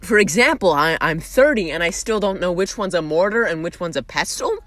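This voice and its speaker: A woman's voice: lowish voice, animated, fairly quick, a bit bright, no echo. A woman playing a rambling, self-deprecating stand-up comedian in her thirties. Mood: deadpan. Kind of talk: mock stand-up routine.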